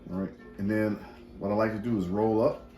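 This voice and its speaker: A man runs a laid-back cooking demonstration from his kitchen, chatting folksily to his viewers as he works. His voice is warm and mellow, and faint music plays underneath. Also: lowish voice, little pitch movement, fairly quick. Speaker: cooking show host.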